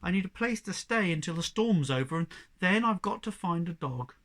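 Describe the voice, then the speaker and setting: A man's voice: high voice, expressive, normal speed, a bit bright, voice pushed up. A man voicing an earnest, anxious young male pet cat who talks eagerly and a bit flustered. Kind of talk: audiobook character reading.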